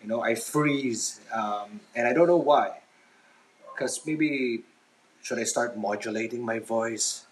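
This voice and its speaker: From his home kitchen, where he is washing dishes, an adult father hosts a casual solo podcast, stumbling through many ums and restarts in a hesitant, self-conscious way. He talks slowly in a mid-range voice. A little hiss or hum comes through, and the audio is poor.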